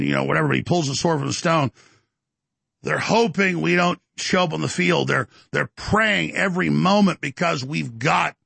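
A man's voice: on the high side, vocal fry, pushed and bright, breathy edge, no room sound. An older man hosting a show, ranting in a bombastic, taunting way and issuing challenges. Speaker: host. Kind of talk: heated on-air rant.

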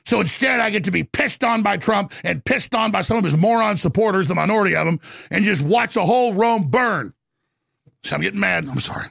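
A middle-aged male radio host in an angry rant, his voice rough and gravelly and pitched high. The pitch swings widely as he works himself up and breaks into shouts. The studio sound is dry and close. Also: animated, a little fast, dry recording. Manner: ranting, agitated, shouting bursts. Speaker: radio talk show host. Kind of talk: heated political monologue.

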